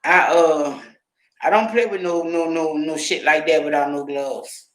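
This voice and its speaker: High bright-voiced man in an echoey room. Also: fairly even intonation, a little slow. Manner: loose, profane, repeats himself while telling stories. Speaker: vlogger. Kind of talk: casual storytelling to camera.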